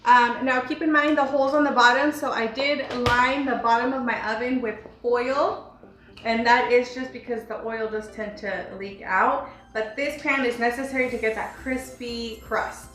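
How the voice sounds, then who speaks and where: A woman's voice: on the high side, steady tone, moderate pace, fairly bright tone. A woman hosting a casual home cooking demonstration, chatty and teasing, with many fillers. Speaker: cooking channel host. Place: home kitchen. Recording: echoey kitchen, faint music.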